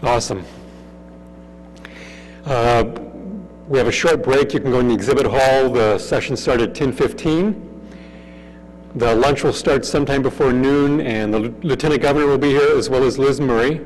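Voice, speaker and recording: A man's voice: medium pitch, normal speed. A man acting as conference emcee, making casual announcements about breaks and lunch. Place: conference hall. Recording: faint hum, long hall reverb.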